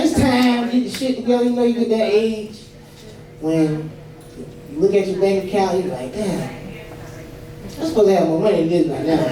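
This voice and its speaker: A man doing stand-up, telling stories in a loose, profane way with laughter running through them. His voice sits a little high for a man. It sounds echoey and distant, recorded from a way off in a club with an audience around him. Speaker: stand-up comedian. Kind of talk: stand-up comedy set. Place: comedy club stage. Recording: echoey club from far off, crowd.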